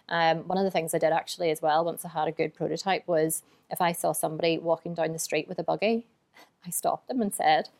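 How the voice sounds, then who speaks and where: A woman founder, a guest in a casual interview, tells her story in a low-sitting, slightly mellow voice at a quick pace with fairly even intonation. She's chatty and open, often quoting her own inner thoughts, and describes herself as emotional.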